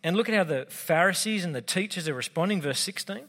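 Australian male pastor, slightly high voice, chatty joking sermon, long reverb hall. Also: lively intonation, fast, sharp tone. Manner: casual, conversational, humorous asides.

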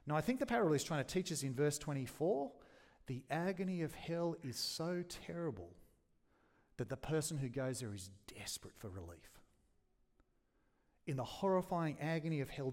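Grave preacher. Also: male voice, on the high side, expressive, moderate pace, a little mellow. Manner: earnest, grave, teaching tone. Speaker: pastor. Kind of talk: expository sermon.

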